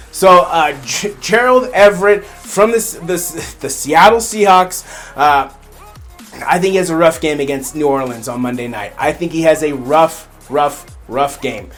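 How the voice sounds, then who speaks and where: High-voiced man ranting fantasy football picks. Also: a bit bright. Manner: rambling, repeats phrases, fires up into ranting. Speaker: fantasy football podcast host. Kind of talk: solo fantasy sports picks rundown.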